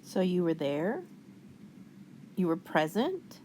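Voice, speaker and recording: A woman hosting a commentary video, calmly and skeptically rebutting the clips she plays. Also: lowish voice, slow. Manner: calm, skeptical, wry rebuttals. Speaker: commentary channel host. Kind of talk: reaction commentary.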